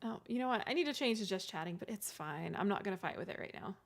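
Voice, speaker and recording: A woman's voice: mid-range voice, lively intonation, fast talker. A woman streamer chatting casually with her live chat, giggly and self-deprecating, often restarting her words. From California.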